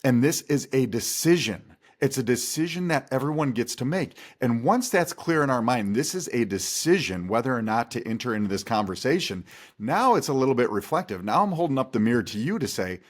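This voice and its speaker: A man who is a guest expert, giving calm, instructive answers in an interview. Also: mid-range voice, a little fast. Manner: calm, instructive, steady delivery.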